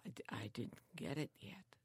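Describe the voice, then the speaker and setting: An older woman imitating a big, soft-spoken older man who talks very slowly and quietly, in a breathy whisper. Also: rumbling low, steady tone, no echo, exaggerated voice. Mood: mumbling.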